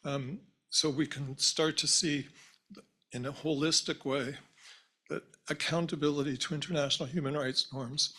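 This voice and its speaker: A hoarse man giving an earnest academic panel talk, losing his voice and clearing his throat often, with measured phrasing and restarts. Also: fairly high pitch, steady tone, bright, forceful tone. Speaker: symposium panelist. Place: university lecture hall.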